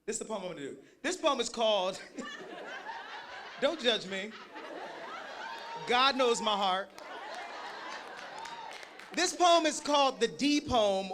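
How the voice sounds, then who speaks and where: A high-pitched man with a bright, forceful tone performs spoken word live. He swings from profane comic banter into rhythmic, punchy poetry lines. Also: big pitch swings, takes it slowly, long pauses. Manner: profane, joking, rhythmic delivery. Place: live stage at an event.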